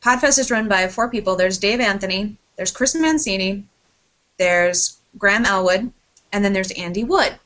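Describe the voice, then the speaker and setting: A woman chatting on a podcast, telling a long story that keeps wandering off track. She swears casually, keeps apologizing and talks at an ordinary pitch. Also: normal speed, a bit bright. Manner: rambling, sidetracked storytelling. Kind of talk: casual chat.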